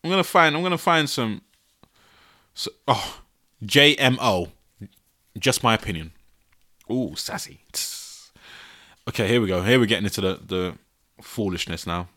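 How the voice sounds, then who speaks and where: A man's voice: on the low side, expressive, moderate pace, pauses often, pushed and bright. A man in his twenties hosting a solo podcast from his bedroom, laughing often and sounding exasperated. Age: 20s. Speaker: podcast host.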